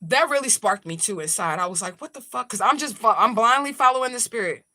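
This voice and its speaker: A woman's voice: medium pitch, animated, brisk, sharp tone, dry recording, clean studio sound. A woman, a spiritual medium, telling a story to her viewers in a casual, chatty way, swearing freely and talking straight to them.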